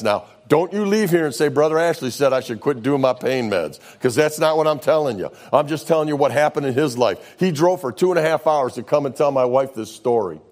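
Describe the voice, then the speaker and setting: A male pastor preaching a sermon, telling stories in a folksy way and swinging from loud to hushed. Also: fairly high pitch, animated, fairly quick, few pauses. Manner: folksy storytelling, says "man" often.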